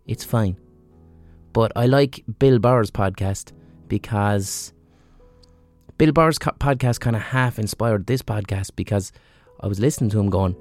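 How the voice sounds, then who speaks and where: Faint music plays behind this feverish man as he hosts his podcast alone, cursing and wandering off topic in a blunt, unscripted way. He has a medium, darkish voice and keeps a measured pace.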